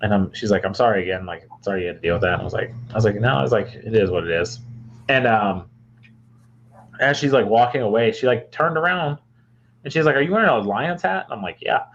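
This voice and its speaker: A man's voice: fairly low pitch, quick pace, dull audio, a little hiss or hum. A young man from Michigan, a podcast co-host, telling a long rambling story with lots of fillers and restarts. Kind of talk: casual storytelling chat.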